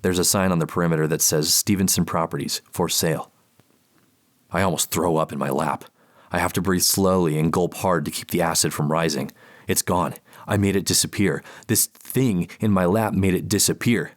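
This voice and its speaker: A man's voice: low-pitched, fairly quick. A man narrating a first-person audiobook in a tense, panicked inner voice.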